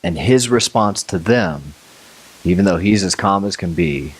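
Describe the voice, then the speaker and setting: A man preaching a sermon as a pastor, telling the story in a conversational, animated way with laughs, then slowing and dropping low and soft for reassuring lines. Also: breathy edge.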